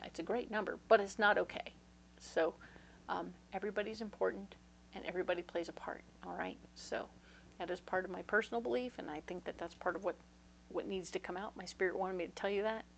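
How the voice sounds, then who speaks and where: A woman's voice: medium pitch, gravelly, a little hiss or hum, poor audio. A woman giving a casual tarot reading, chatty and reassuring, checking in with her listeners as she talks. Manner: storytelling with acted-out voices. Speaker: tarot reader.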